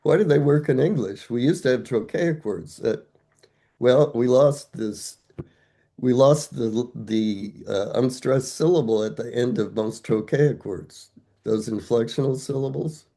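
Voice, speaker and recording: An older man, a guest scholar, speaks in an unhurried, medium-pitched voice with a dark tone. He walks through ideas step by step in a thoughtful, conversational academic manner, posing rhetorical questions to himself.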